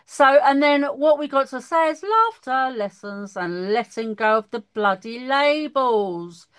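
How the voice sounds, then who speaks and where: A woman in her fifties hosting a podcast, chatty and animated, laughing often. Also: high voice, unhurried, clear, resonant tone. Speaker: podcast host. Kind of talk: casual chat.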